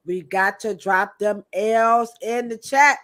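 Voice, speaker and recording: A woman co-hosting a hair podcast in a chatty, animated way, turning often to her co-host. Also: mid-range voice, slow. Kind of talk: casual podcast chat.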